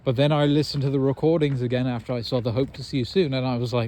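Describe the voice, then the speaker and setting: A young American man in casual chat, telling an animated, self-mocking story and laughing often. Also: medium pitch, quick pace. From United States.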